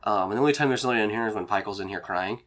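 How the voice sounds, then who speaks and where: Man, game master, rambling, filler-heavy, bright tone. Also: on the low side, rapid-fire. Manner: rambling, laughs often, many fillers. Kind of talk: narrating a tabletop game.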